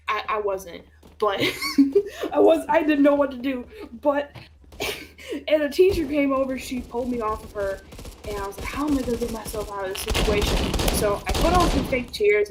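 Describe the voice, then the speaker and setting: Telling stories to her chat, this young streamer speaks at a normal pace in a high-pitched voice, full of laughter and energy, cursing without restraint and imitating what others said. There's slight background noise.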